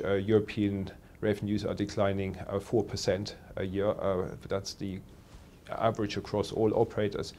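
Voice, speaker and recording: Hesitant analyst man, low voice. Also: dark tone. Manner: measured, hesitant, many fillers. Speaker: telecoms analyst. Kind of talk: interview answers.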